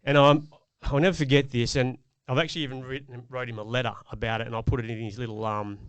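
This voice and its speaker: A man's voice: mid-range voice, little pitch movement, quick pace, clear, resonant tone, no echo. A middle-aged man, a podcast co-host, telling a personal parenting story in an earnest, reflective way. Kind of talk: casual chat.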